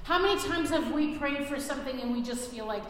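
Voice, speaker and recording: A woman's voice: high voice, brisk, a little hiss or hum. A woman preaching a sermon earnestly, with frequent restarts, acting out the voices she quotes. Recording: very echoey hall, faint room ambience.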